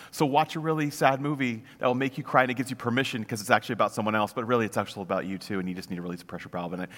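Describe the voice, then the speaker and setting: A man's voice: mid-range voice, a bit bright, in a large hall. A pastor speaking in a conversational, searching way, with many restarts and fillers, as he gives a casual sermon.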